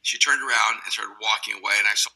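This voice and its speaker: A man's voice: on the low side, fairly even intonation, quick pace, bright, forceful tone, breathy edge, rough recording. A man on an interview, telling stories about meeting his wife in a casual, wry, teasing way and laughing as he goes. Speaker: interview guest. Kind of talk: casual storytelling. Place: interview clip played on a video.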